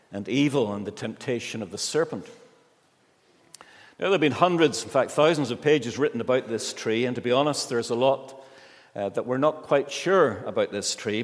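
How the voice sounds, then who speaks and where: A male pastor reading scripture and preaching a sermon in a church, measured with slow, emphatic pauses. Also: mid-range voice, long reverb tail.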